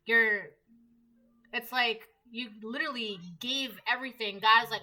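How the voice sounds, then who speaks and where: Chatty bright-voiced woman reading tarot. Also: on the high side, fairly even intonation, soft background music, rough recording. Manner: chatty, rambling with fillers and quick voiced asides. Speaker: tarot reader. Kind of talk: casual collective tarot reading.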